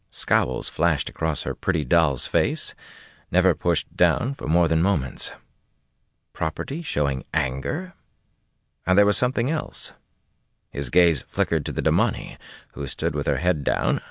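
A man narrating a fantasy novel as an audiobook, reading in a steady, even manner. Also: sits low, normal speed, no room sound, clean studio sound. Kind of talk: scripted narration.

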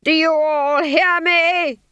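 A crazed storybook duke voiced by a woman narrator snarls his suspicions at a slow, heavy pace. The voice is pushed louder and stranger than plain narration, yet stays close and dry. He sounds unhinged and dangerous. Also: mid-range voice, gravelly, dry recording, highs cut off. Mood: screaming. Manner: slow, drawn-out, menacing. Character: mad paranoid scheming male duke, snarling. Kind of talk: audiobook character voice.

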